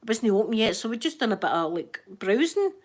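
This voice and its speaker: A woman's voice: on the high side, very animated, a little fast, darkish tone. Chatty Scottish woman telling stories. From Scotland. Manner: chatty storyteller, laughs often, acts out quoted voices. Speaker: livestream host chatting to viewers. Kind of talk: casual chat.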